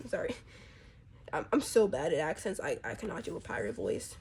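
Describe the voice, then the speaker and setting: A woman's voice: on the low side, big pitch swings, fairly quick, dark tone, husky. A woman casually chatting about her drawn characters, rambling and chatty, with plenty of fillers. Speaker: artist presenting her characters. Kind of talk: casual chat.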